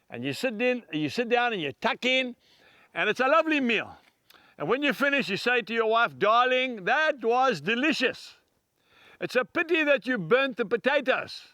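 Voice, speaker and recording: A man's voice: sits high, a bit bright, no echo. A man preaching a devotional TV talk, earnest and emphatic, speaking directly to the viewers. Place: filming set with camera crew.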